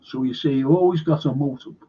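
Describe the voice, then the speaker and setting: A man with a Liverpool accent hosts a rambling, opinionated monologue, getting animated whenever he quotes others. His mid-range voice goes a little fast and is slightly rough, and the highs are cut off.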